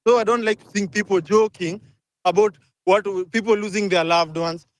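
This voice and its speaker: A young Kenyan man ranting angrily in a live audio chat, switching fast between languages. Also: high-pitched, no echo. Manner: angry, rapid code-switching rant. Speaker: speaker in a live audio room.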